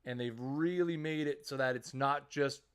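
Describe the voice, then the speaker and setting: A man's voice: medium pitch, normal speed, a bit bright, clean tone. Chatty man streaming a football game. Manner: chatty and explanatory, repeating himself and restarting phrases. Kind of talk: casual live-stream commentary.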